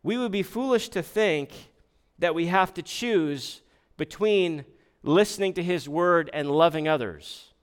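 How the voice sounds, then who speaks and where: Speaking fairly high and a little slowly, a pastor gives a sermon in a clear, resonant voice. He keeps it conversational, asking the congregation rhetorical questions and often beginning his phrases again.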